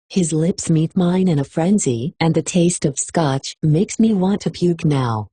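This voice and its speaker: A woman's voice: sits low, animated, unhurried, hardly any pauses, mellow, slightly rough. A woman reading a first-person novel aloud in an emotional storytelling style. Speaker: audiobook reader. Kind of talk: expressive audiobook narration.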